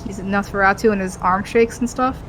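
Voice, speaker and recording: A woman's voice: mid-range voice, steady tone, a little fast, fairly bright tone, slight background noise. A woman co-host reading a story game's narration aloud, stumbling over words and laughing often.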